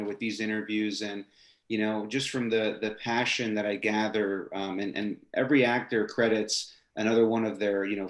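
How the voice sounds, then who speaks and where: A male interview host who rambles, hesitating with many "you know" and "um" fillers. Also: lowish voice. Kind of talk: interview hosting. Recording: roomy echo.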